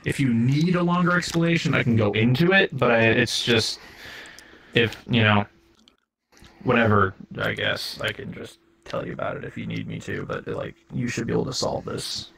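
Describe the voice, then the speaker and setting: A man's voice: medium pitch, normal speed, creaky, fairly bright tone, rough recording. A man improvising a comedic role-play as God, rambling and profane, often cutting himself off mid-sentence. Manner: rambling, profane, self-interrupting. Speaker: streamer.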